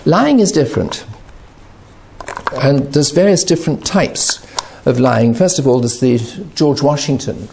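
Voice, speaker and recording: A middle-aged man giving a talk on addiction recovery, animated and acting out the voices he quotes. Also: medium pitch, normal speed, vocal fry, slight background noise.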